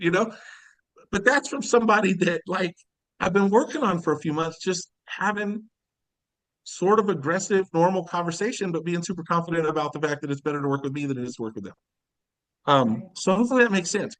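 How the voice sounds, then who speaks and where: Guy coaching his sales team over a video call, highish voice, dry close sound, acts out the convos. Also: dry recording, low-quality recording. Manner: animated, acts out quoted conversations, laughs often. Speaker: insurance sales leader. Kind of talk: casual recruiting training talk.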